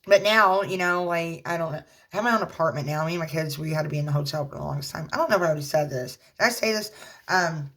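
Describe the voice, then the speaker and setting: Deep-voiced mom vlogging, rambly and earnest, lots of ums and likes. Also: female voice, fairly bright tone. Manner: rambling, halting, many fillers and restarts; earnest, religious encouragement. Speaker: mother. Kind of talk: casual talk to camera.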